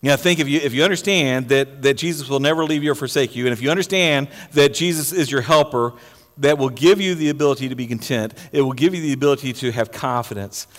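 A man's voice: medium pitch, fast talker, long reverb tail. A male pastor preaching a sermon in a church, emphatic, often repeating words and restarting phrases. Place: church sanctuary.

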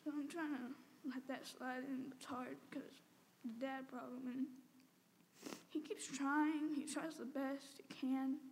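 A teenage girl giving an emotional personal testimony, halting and tearful, with many "like"s and "um"s. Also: high-pitched, level tone, gravelly. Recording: long reverb, faint background noise.

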